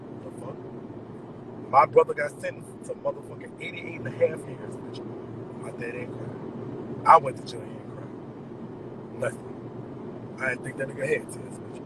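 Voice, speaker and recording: A man venting to his viewers in an animated, profane, emphatic rant. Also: mid-range voice, background noise. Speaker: vlogger. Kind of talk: ranting straight to camera.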